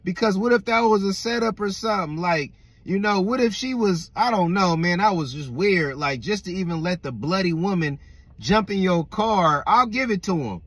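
High-voiced young man telling a story. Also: normal speed, slightly rough, no echo. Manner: animated, swears a lot, keeps asking "right?". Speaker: vlogger. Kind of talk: casual storytelling.

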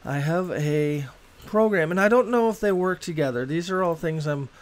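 Rambling, cursing game streamer with a high voice. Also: male voice, lively intonation, moderate pace. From Boston, USA. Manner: rambling, swears freely. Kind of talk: casual gaming livestream chat.

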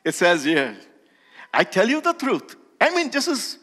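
Pastor guy preaching slow and emphatic, voice jumps all over, big echo from the hall. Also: high-pitched, wildly swooping pitch, a bit bright. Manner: emphatic preaching with rising volume and slow stressed phrases. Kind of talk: sermon. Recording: long hall reverb.

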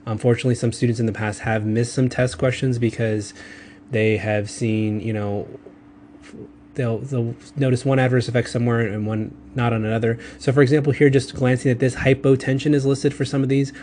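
Southern guy from texas lecturing on drugs, mid pitch, loose and rambly, bit of faint hiss behind. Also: fairly even intonation, darkish tone. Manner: casual, rambling, self-correcting, with quick asides. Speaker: pharmacology lecturer. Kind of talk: recorded lecture.

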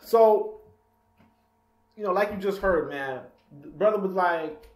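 A man's voice: sits high, takes it slowly, long pauses. A male radio host and author in a casual talk-radio monologue. He rambles, laughs often and fills with "you know". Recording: echoey room.

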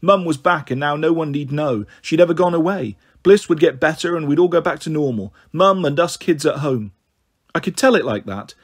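A man's voice: lively intonation, moderate pace, breathy edge. A man reading a children's novel aloud, lifting his voice for the characters. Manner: voices the characters with lifted pitch. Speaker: narrator. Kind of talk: storybook reading.

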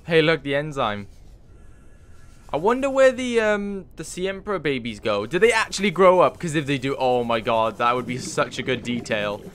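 A man's voice: a little high, animated, moderate pace, fairly bright tone, slight background noise. A man giving casual gameplay commentary, thinking aloud with many fillers and swearing when moved. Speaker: let's play gamer.

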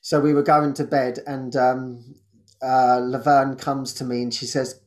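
A man, hosting and telling a personal testimony in an animated way, laughing often and restarting his sentences. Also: medium pitch, unhurried. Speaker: host.

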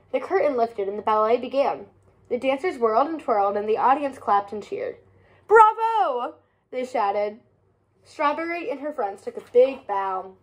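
A woman hosting a channel where she reads children's picture books aloud, telling the story in a clear, steady way. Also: fairly high pitch. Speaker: channel host reading a picture book. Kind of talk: children's book read-aloud.

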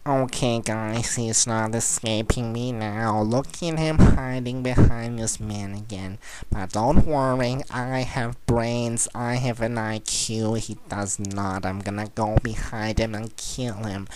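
A teenage boy giving gameplay commentary, boastful and trash-talking, bursting into shrill yelling. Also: steady tone, slow, clear, resonant tone, rough recording. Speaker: gamer commentator.

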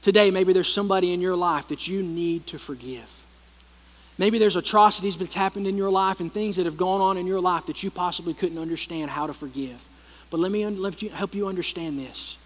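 A man preaching a sermon as pastor, retelling a story in a conversational, animated way with frequent repetitions. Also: high voice, fairly quick, long reverb tail. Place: church hall.

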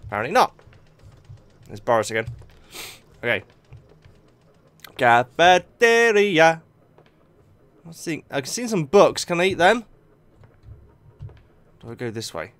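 A young man hosting a let's play, excitably talking to himself and the game. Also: medium pitch, normal speed, pauses often. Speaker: gaming video host.

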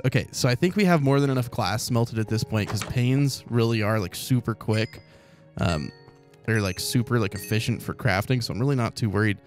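A man from Oklahoma hosting a let's play, chatting casually as he thinks aloud in a rambling, upbeat way. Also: mid-range voice. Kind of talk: casual gameplay commentary. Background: faint calm background music.

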